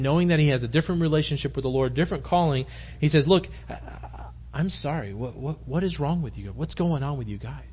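A man giving an informal, rambling Bible-study sermon in church, often restarting his sentences and acting out quotes. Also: mid-range voice. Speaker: lay preacher teaching Bible study. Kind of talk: conversational sermon. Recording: dull lo-fi sermon tape.

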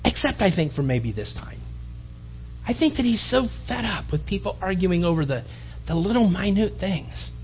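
A man preaching a sermon in an animated, mocking way, building to emphatic appeals. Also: high voice, normal speed, dull audio, faint music behind. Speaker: pastor.

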